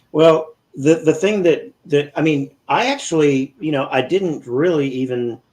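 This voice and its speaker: A man's voice: on the high side, unhurried, a little mellow, rough recording. A man hosting a podcast, telling a story in casual chat with an easygoing, rambling manner. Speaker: podcast host.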